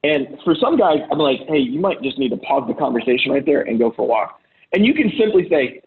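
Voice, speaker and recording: A man's voice: fairly high pitch, sing-song, brisk. A man giving casual relationship advice to other men, blunt and profane, acting out heated arguments in quoted lines. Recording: phone-like lo-fi audio.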